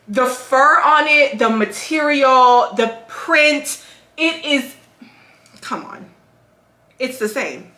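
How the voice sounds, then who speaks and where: A young woman chatting casually as a fashion vlogger, animated and full of fillers, showing off clothes she bought. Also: on the high side. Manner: chatty, animated, lots of "like" and "girl". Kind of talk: casual haul chat. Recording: echoey room.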